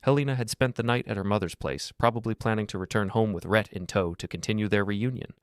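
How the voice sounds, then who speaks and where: Deep male narrator, dry booth sound, measured and calm first-person storytelling. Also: smooth, no room sound.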